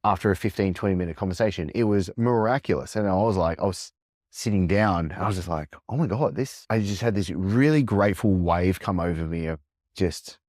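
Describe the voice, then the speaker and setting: Low-voiced male host in his thirties, reflective and searching, thinks aloud. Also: fairly quick, darkish tone, no room sound, studio quality. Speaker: podcast host. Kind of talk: reflective conversation.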